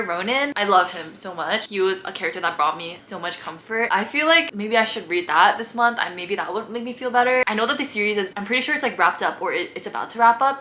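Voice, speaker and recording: A teenage woman chats about books in a quick, rambling way, full of fillers and laughter. Her voice is bright and forward. She is recorded in an echoey room at home. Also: medium pitch, a little hiss or hum. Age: late teens. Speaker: book vlogger. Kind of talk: casual chat.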